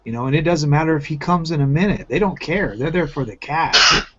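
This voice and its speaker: A man's voice: a little high, fairly quick, sharp tone. Blunt profane man on a muffled call. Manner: blunt, profane, rambling with restarts. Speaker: round-table host. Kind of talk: crude casual group chat. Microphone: video call.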